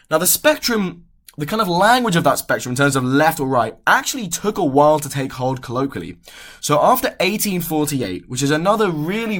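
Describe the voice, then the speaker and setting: A young man hosting an educational podcast, explaining history in a relaxed way, often correcting himself mid-sentence. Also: medium pitch. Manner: casual, self-correcting, restarts sentences. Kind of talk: explainer talk.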